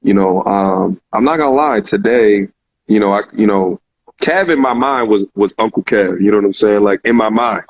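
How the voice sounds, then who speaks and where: Call-in show host, man, low voice, earnest and repetitive, muffled lo-fi sound. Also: sing-song, normal speed, gravelly. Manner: earnest, repeats phrases, many fillers. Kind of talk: casual heartfelt talk. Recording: muffled lo-fi recording.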